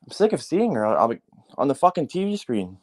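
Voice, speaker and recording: A man's voice: mid-range voice, a little fast. A man in a casual, heated sports rant, cursing often and leaning on fillers like "like" and "man". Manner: profane, heated, animated ranting with frequent fillers.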